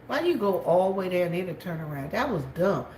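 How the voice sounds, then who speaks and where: A woman chatting casually to her viewers from a gas station store, gossipy and quick to laugh. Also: fairly low pitch, lively intonation. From South Carolina, USA. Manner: chatty and gossipy, laughs often, calls out loudly to coworkers. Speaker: vlogger. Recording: echoey room, faint background noise.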